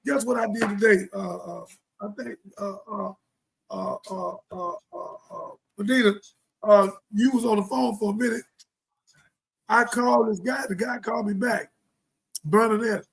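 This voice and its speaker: A middle-aged man hosting a live show, delivering a preachy, impassioned monologue full of scripture and rhetorical questions, swinging from loud outbursts to low mutters. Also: fairly even intonation, normal speed, vocal fry, breathy edge, rough recording. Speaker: host of a live talk show.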